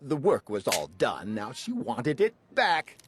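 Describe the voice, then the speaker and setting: A man reading a rhyming children's story aloud in an animated, sing-song way, acting out the characters. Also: mid-range voice, a little slow, slight background noise. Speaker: storybook reader.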